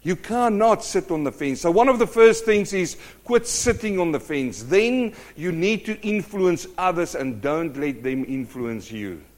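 Male preacher, sermon, animated storyteller, fairly high voice. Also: a little slow, hardly any pauses.

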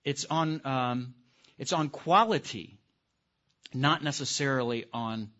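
A man teaching a live class in a lively lecture, putting questions to the audience and stressing key words. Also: mid-range voice, slow. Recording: dull lo-fi recording.

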